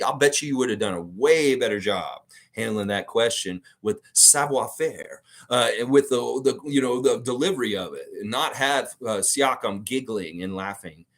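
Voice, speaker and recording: A man's voice: mid-range voice, big pitch swings, normal speed, few pauses, a bit bright. A man hosting a live sports fan show, talking in a casual, emphatic and blunt way with frequent cursing. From United States. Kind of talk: casual live stream commentary.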